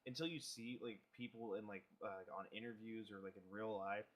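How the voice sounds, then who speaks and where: A young man hosting a podcast in laid-back casual chat, often saying "dude" and breaking into loud laughing exclamations. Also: on the low side, steady tone, brisk. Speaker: podcast host.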